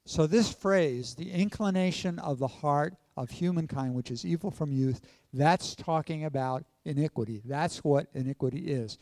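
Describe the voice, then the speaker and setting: A man preaching a sermon at a measured pace, putting questions to his congregation. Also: a little high, darkish tone, dry recording, big-room sound. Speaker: pastor.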